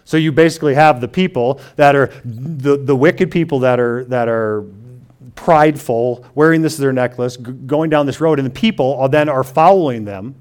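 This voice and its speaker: A man teaching a sermon, reading scripture slowly and quietly, then explaining it in his own words with frequent restarts and paraphrased quotes. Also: medium pitch. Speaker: preacher.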